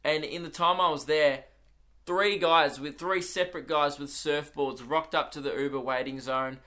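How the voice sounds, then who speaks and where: A young Australian comedian chats casually on his solo podcast, spinning rambling anecdotes laced with swearing in an Australian accent. His voice is a little high with fairly even intonation, normal speed, and a sharp tone.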